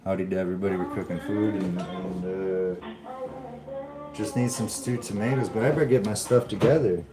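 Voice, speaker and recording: A deep-voiced man speaks at a normal pace in a steady tone while hosting a live cooking stream from his home kitchen. He rambles in a laid-back way to viewers as he cooks, and the roomy audio carries clearly audible blues or country music.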